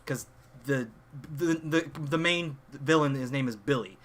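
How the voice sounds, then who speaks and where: A young man on a podcast, excitedly retelling a movie plot in casual chat, full of fillers and restarts. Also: mid-range voice, measured pace. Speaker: podcast co-host.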